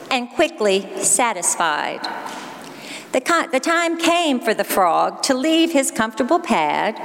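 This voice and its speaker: A woman preacher telling a parable in a measured storytelling sermon, in a church. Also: on the high side, a bit bright, big-room sound, a little hiss or hum.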